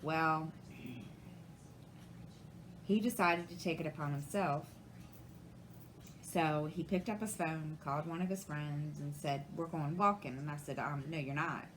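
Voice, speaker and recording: A woman in her forties talks in a somewhat low voice, meandering through a story with restarts and acted-out dialogue. A faint hiss of background noise sits under the recording. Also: unhurried, long pauses, rough recording. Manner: rambling, retells conversations, many restarts. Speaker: crafting channel host. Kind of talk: casual storytelling to camera.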